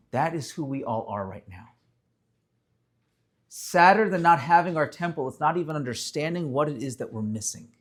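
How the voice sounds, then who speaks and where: Rabbi man telling stories to a room full of people, earnest and heartfelt, voice kinda high for a guy. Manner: earnest, storytelling. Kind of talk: inspirational talk at a prayer service. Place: room with a live audience.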